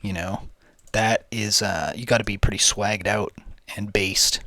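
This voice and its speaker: A man's voice: lowish voice, steady tone, a little slow, pushed and bright, dry recording. A young man giving casual, rambling gameplay commentary, slangy, jokey and swearing freely. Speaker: gaming video host.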